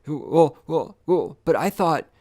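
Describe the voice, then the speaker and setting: A man's voice: a little high, animated, slow, a little mellow. A man mimicking an entitled young male temp worker who stammers and pleads. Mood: whiny.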